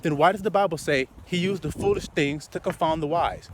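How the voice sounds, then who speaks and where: A man preaching loosely and profanely outdoors, swinging from muttering to loud outbursts. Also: fairly high pitch, a little fast, slight background noise. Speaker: street preacher.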